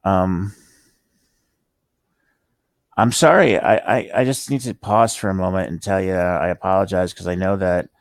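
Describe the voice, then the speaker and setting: A man with a very low voice and slurred speech talks through an emotional personal story. He stumbles and restarts often, pausing mid-sentence. The recording is dry and close, with no room echo. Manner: halting, rambling, with many restarts and pauses. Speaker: vlogger telling his life story.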